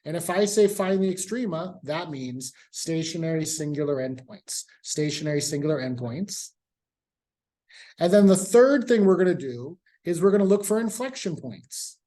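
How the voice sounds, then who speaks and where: A man's voice: high voice, expressive, normal speed, hardly any pauses, warm tone. Man, math professor, classroom lecture, casual, repeats himself, talks straight to students. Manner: casual, repeats key points, speaks to students directly.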